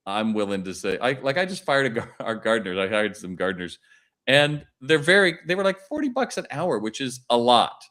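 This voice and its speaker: A middle-aged retail consultant and keynote speaker, speaking at a medium pitch and a touch quickly. He chats as a podcast guest, animatedly acting out shop dialogue as he tells his stories.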